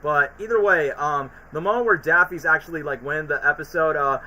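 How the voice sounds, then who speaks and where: A man's voice: fairly high pitch, fairly quick, sharp tone, slight background noise, low-quality recording. A man chatting casually on a stream, rambling about cartoons with lots of fillers. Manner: rambling, often sings and acts out cartoon lines. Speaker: streamer host.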